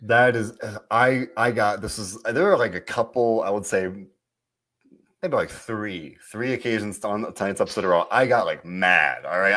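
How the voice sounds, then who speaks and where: A man hosting a casual wrestling podcast, talking in an animated, rambling way and often cutting himself off. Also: mid-range voice. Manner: rambling, animated, self-interrupting. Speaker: podcast host. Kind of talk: casual wrestling recap chat.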